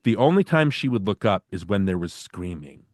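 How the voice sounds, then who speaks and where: A man's voice: low voice, big pitch swings, brisk, darkish tone, dry recording, clean studio sound. A man hosting a podcast, chatting enthusiastically about films, often restarting his sentences and acting out quotes. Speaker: podcast host. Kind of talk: casual film discussion.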